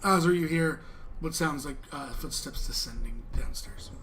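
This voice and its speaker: A man's voice: on the high side, moderate pace, a bit bright, faint music behind. Man narrating as game master.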